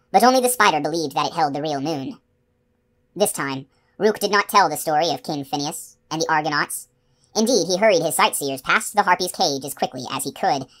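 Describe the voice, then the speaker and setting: A woman narrating a novel as an audiobook, with steady, expressive storytelling. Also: deep voice.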